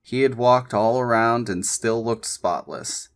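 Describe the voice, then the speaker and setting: A man reading a novel aloud as a calm, measured audiobook narrator. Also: medium pitch. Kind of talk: scripted narration.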